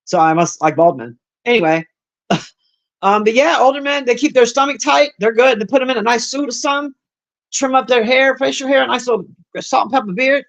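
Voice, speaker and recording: A loud, brash woman in her fifties chatting casually on a live stream from her room, teasing and roasting her viewers. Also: a little high, fairly quick, dull audio. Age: 50s. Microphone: own desk mic.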